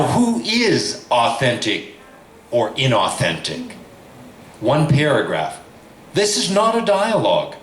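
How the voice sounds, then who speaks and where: A man, a professor, reading a text aloud in a lecture in a slow, measured, deliberate way. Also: a little high, a bit bright, reverberant, slight background noise.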